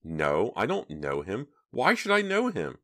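Male narrator playing a scoffing teenage girl, higher voice, sharp and dismissive. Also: wildly swooping pitch, a little slow, full character voice. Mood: scornful. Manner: sarcastic, scoffing. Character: scornful sneering teenage girl.

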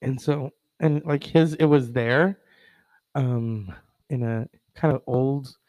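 A man's voice: medium pitch, slow pace, darkish tone, dry recording, poor audio. A man hosting a casual online show, rambling with many fillers and wry asides.

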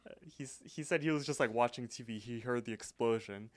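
A man co-hosting a podcast, casually recapping cartoon episodes and quoting the characters' lines in a loose, chatty way. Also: mid-range voice. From England. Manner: retells scenes with quick quoted lines, loose and chatty. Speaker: podcast co-host.

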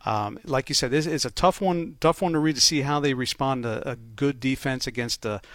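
A man's voice: mid-range voice, normal speed, fairly bright tone, no room sound. Easygoing oddsmaker man, laughs a lot. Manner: easygoing, laughs often, explains lines. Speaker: podcast co-host, oddsmaker. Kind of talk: casual sports betting chat.

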